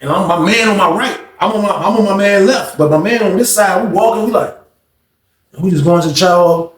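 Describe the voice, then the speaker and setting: A man telling a story in a casual, slangy, animated way, acting out the quotes. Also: high voice, a little fast. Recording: echoey room.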